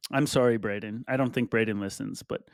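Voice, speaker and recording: A man's voice: fairly low pitch, fairly even intonation, a little fast, dry recording, studio quality. Man telling a story with joking mock hurt. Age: adult with a wife. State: getting chills, coming down with a cold. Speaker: podcast co-host. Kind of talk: casual podcast banter.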